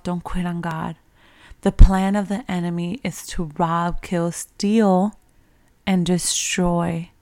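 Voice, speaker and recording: A woman delivers a motivational faith talk aimed at mothers, pressing each point home through repetition like a preacher. Her voice sits mid-range with a gravelly, fry-laden edge that rises into firm, emphatic calls. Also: medium pitch, a little mellow. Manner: earnest, repetitive, preacher-like exhortation. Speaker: faith encourager for single moms.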